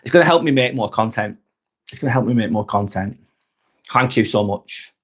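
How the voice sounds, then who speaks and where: A man's voice: fairly low pitch, lively intonation, a little fast, slightly rough. A man with a Lancashire accent hosting a casual live stream, chatting with viewers, thanking them by name and calling people "mate". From Northwest England. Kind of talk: casual live-stream chat reading comments.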